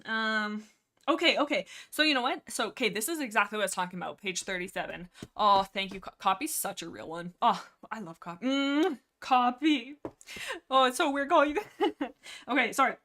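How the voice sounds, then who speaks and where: A woman hosting a casual livestream, rambling excitably about a book, laughing often and answering chat as she goes. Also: fairly high pitch, normal speed. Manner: reads and answers chat messages. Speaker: livestream host.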